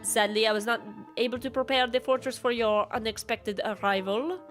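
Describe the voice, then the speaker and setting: A haughty dark mage with a put-on French accent, voiced by a woman, greets visitors in slow, formal, looping sentences. The voice stays a little high for a man. A faint game soundtrack plays behind. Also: steady tone, soft background music, close to an everyday voice. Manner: haughty, drawn-out formal speech. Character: haughty male dark mage fortress guard.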